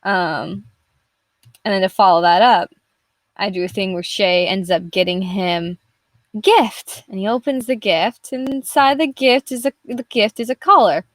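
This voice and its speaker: Young woman, casual stream chat, rambling and chatty, curses freely, mid pitch, dry close mic. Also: unhurried, dry recording. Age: young adult. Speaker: artist streaming her work.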